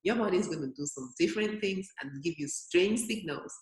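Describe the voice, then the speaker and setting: A woman's voice: fairly low pitch, brisk, a little mellow. A woman in her early fifties, a physician guest on an interview, telling stories with energy and acting out her own inner voice. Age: early 50s. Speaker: physician and weight loss guest. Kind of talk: interview storytelling. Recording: roomy echo.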